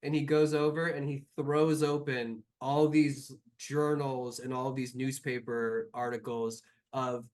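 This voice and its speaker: A man's voice: mid-range voice, flat delivery, unhurried, few pauses, darkish tone. A man narrating as game master of a tabletop game, in loose, rambling description full of fillers.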